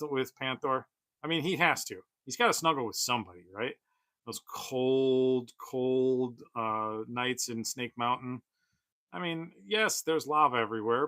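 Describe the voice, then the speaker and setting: A man's voice: medium pitch, pushed and bright, dry recording. A man in his forties chatting casually on his own livestream, rambling with lots of fillers and frequent chuckles. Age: 40s. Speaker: toy collector streamer.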